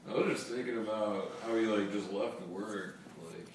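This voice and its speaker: A man's voice: on the low side, normal speed, a little hiss or hum. A man co-hosting a podcast in laid-back, slangy casual chat. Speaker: podcast co-host. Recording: distant mic in a very echoey room.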